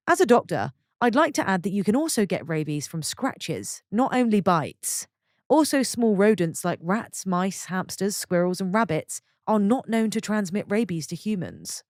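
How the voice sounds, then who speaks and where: A woman's voice: medium pitch, a little mellow, dry recording, clean studio sound. A woman narrating a string of short posts from an online forum, reading them one after another. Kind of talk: scripted story narration.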